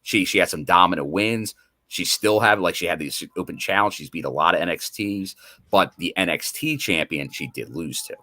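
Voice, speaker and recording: A man's voice: sits low, moderate pace, sharp tone, no room sound. A man co-hosting a podcast, chatting casually and analytically about wrestling storylines. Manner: rambling, loose analytical talk. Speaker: podcast co-host. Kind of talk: casual wrestling recap chat.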